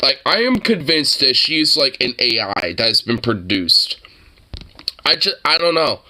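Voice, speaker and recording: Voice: medium pitch, very animated, a little slow, bright, forceful tone. A streamer in a casual reaction stream, laughing often, swearing freely and echoing the clip's words back.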